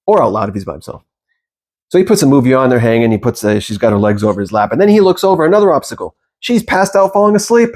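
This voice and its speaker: Animated, swearing male coach telling a story. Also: medium pitch, very fast. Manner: animated, profane, acts out quoted voices. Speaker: manifestation coach. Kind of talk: casual storytelling monologue.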